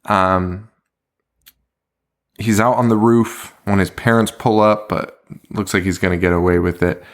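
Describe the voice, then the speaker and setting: A man's voice: lowish voice, steady tone, a little slow. A man co-hosting a podcast, chatting casually and swearing a lot as he recaps a movie's plot with acted-out quotes. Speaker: podcast co-host.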